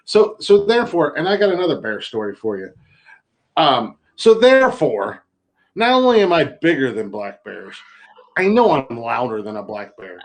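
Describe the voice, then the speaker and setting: A man's voice: medium pitch, big pitch swings, normal speed. A man co-hosting a podcast in casual chat, telling rambling stories with lots of laughter. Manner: joking storyteller, rambling, laughs often. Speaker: podcast co-host.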